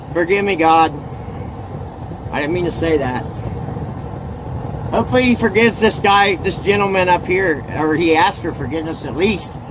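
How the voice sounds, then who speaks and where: Agitated man, high voice, rambling self-filmed rant with light background hiss. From Indiana. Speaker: arrested man ranting on video.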